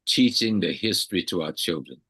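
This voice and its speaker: An older man from South Carolina speaks in a low, husky voice. He lectures like an elder in an interview, repeating key phrases to drive them home. The sound is dry and close, with no room around it. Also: expressive, brisk, a bit bright, dry recording. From South Carolina, USA. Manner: emphatic, repeats phrases for weight. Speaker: elder guest.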